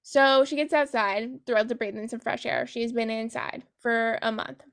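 A woman's voice: a little high, steady tone, normal speed. A woman hosting a book podcast, recapping a novel in casual chat. She is sarcastic, swears freely and giggles at her own jokes.

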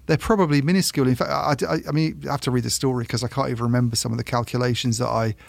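With a creaky mid-range voice and even tone, this man is a podcast co-host and tech journalist in casual conversation. The recording is dry, and his explanations are full of stumbles, repeated words, and fresh starts.

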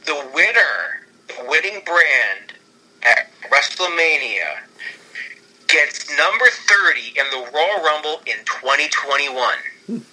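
A man in casual chat, excitedly rambling through an imagined storyline with many restarts. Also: fairly high pitch, slow, rough recording. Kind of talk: casual fantasy-booking chat.

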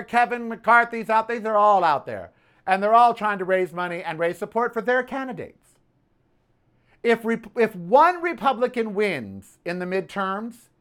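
A man's voice: high-pitched, a bit bright. A man hosting his own podcast, ranting casually about politics and telling a story with sassy "honey" asides. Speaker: podcast host.

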